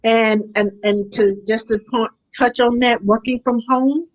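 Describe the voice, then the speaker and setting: A woman talking as a nanny in a casual conversation, animated and acting out the parents and children she describes. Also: on the high side, faint music behind. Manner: animated, acts out parents and kids in quick asides. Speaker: nanny guest.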